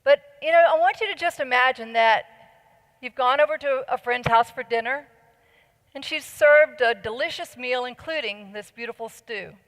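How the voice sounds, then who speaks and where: Woman, middle-aged, persuasive conference speaker, slightly high voice, long hall echo. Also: moderate pace, fairly bright tone. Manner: earnest, persuasive, asks the audience questions. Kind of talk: conference talk.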